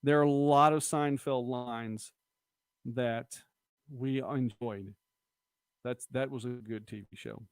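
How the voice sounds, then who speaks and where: A man's voice: medium pitch, steady tone, slow pace, pauses often, clear, resonant tone, no echo. Chatty middle-aged man, dry close mic. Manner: chatty, rambling, quotes movie lines. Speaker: host of a local live-stream show. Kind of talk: casual live-stream chat reading viewer comments.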